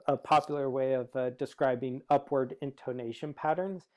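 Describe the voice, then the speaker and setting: A man delivers a lecture in a smooth, clear voice that sits a little high for a man. He explains at an even, teacherly pace, often pausing on "uh" as he builds each point. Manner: explanatory, frequent "uh" fillers. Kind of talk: recorded lecture.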